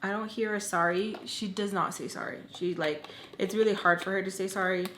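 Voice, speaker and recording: A young woman vlogger telling a long story in casual chat, animated and full of "like", acting out angry phone calls. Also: mid-range voice, fairly quick. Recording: echoey room, faint noise.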